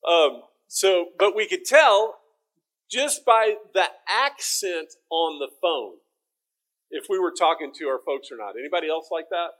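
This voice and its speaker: A middle-aged man with a Texan accent delivers a sermon in a relaxed, folksy, conversational way, often restarting his phrases. His voice sits a little high for a man. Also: unhurried. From Texas. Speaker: teacher.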